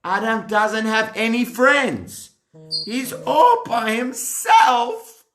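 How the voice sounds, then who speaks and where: A man telling a story to young children in a playful, animated way, joking and asking his listeners questions. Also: extremely high pitch, very slow. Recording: echoey room.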